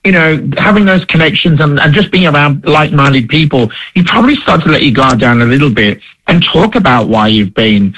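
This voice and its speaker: A man's voice: fairly high pitch, fairly bright tone, slight background noise, rough recording. A man co-hosting a radio talk show, speaking candidly and openly, with some self-deprecation, on a radio broadcast. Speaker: radio co-host. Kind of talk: casual radio chat.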